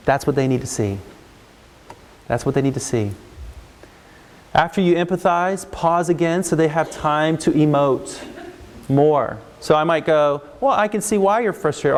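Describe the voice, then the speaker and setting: A man's voice: on the high side, normal speed, pauses often. A man counseling parents and teachers, talking casually and acting out what kids and adults say. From United States. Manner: animated, acts out kid and adult voices. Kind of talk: instructional talk with acted examples.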